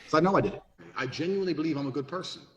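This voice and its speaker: A man's voice: a little high, animated, racing, highs cut off. A man talking bluntly and emphatically as a podcast guest, swearing freely. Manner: brash, profane, emphatic. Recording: roomy echo.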